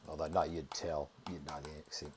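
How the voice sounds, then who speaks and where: Kiwi guy streaming, deep voice, chatty, swears a bit, faint hiss behind. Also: a little fast. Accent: New Zealand. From New Zealand. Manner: chatty, drops the odd "bloody", excitable over finds. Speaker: game streamer. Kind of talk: casual live-stream commentary.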